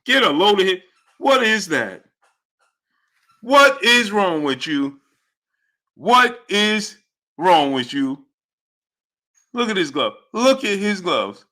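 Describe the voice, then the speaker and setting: Animated, high-voiced male sports streamer. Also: slow pace, pauses often. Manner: animated, incredulous, repeats phrases. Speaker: sports channel host. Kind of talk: live-stream commentary reading super chats.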